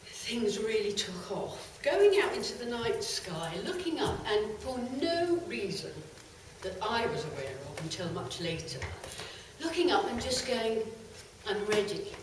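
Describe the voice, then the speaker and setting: A middle-aged woman tells stories to a live audience, her pitch swinging high and low. Her voice reaches the microphone from a distance and rings around a large, very echoey hall. A faint noise hums underneath. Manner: lively, animated storytelling with bursts of laughter. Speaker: channeler giving a talk. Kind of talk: storytelling talk to a live audience.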